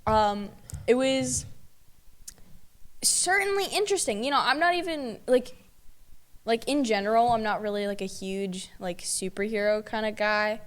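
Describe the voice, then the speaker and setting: A woman with a somewhat high voice hosts a casual movie podcast. She talks in loose, hesitant runs full of fillers. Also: unhurried. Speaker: podcast host. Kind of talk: casual chat.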